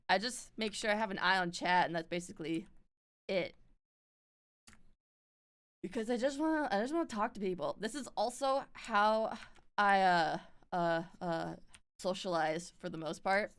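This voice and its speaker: Bright, smooth North American woman streamer. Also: mid-range voice. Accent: standard North American. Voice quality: slight lisp. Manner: loose, filler-heavy, swears casually. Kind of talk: casual chat with live viewers.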